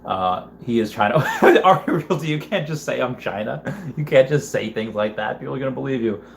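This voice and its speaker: A man's voice: mid-range voice, animated, a little fast, vocal fry, slight background noise. Rambling man in an echoey room. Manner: rambling, with many fillers and restarts. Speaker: livestreamer reading viewer comments. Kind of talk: casual livestream chat. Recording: roomy echo.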